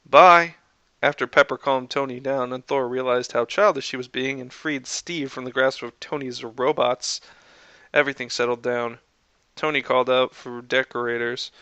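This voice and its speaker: A man narrating a fanfiction story aloud in an even, unhurried storytelling manner. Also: mid-range voice, clean tone, no echo, muffled recording. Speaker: fanfiction reader.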